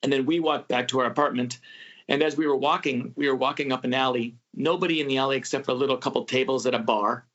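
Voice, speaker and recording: A man's voice: mid-range voice, fast talker. Man telling a travel story, lo-fi sound. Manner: animated, acts out quoted voices. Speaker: podcast host. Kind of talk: casual storytelling. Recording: muffled lo-fi audio.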